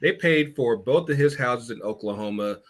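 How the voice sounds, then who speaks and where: A man's voice: mid-range voice, animated, normal speed. A man hosting a podcast in casual chat, often repeating words and laughing. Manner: laughing, stammering, riffing. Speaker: podcast host.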